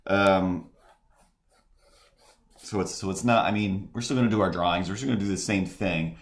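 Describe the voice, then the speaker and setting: A man with a deep, low voice talks casually on his live stream, wandering from thought to thought. He stops and restarts often, padding his sentences with fillers. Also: fairly even intonation. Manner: rambling, halting, many restarts and fillers; mimics voices in quoted asides. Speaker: streamer and host. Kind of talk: casual rambling stream chat.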